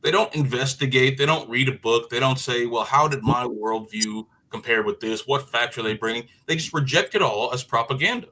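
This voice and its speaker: A man guesting on a radio talk show makes an earnest political argument, with frequent fillers and restarts. His mid-range voice is bright and forceful, fairly quick with hardly any pauses, on a low-quality recording with slight background noise.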